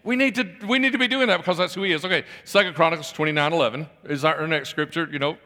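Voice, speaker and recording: A man delivers a sermon in a high, bright voice. He talks conversationally, circles back over his phrases and keeps putting questions to his listeners. His voice carries a long reverb, as in a large hall. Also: rapid-fire. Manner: conversational, repeats phrases, asks the congregation questions. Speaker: preacher.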